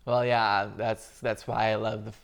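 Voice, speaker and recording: Man, gravelly voice, earnest, rambling, lots of fillers, casual podcast chat. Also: on the low side, level tone, measured pace. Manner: earnest, filler-heavy with many "like"s.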